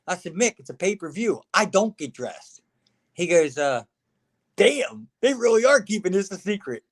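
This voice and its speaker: A man's voice: high-pitched, normal speed. A middle-aged man, a former wrestler, telling career stories in a casual interview, acting out the quotes of others and often calling the listener man or brother. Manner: animated storyteller acting out quotes, says man and brother a lot.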